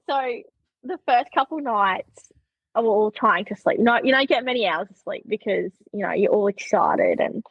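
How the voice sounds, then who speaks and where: A young Australian woman chatting as a podcast guest, her voice a little husky and fairly high. She tells stories in a lively, laughing way, full of "like", and the sound is close and dry. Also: dry recording, muffled recording. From Queensland, Australia. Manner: animated, laughing, lots of "like". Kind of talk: casual storytelling.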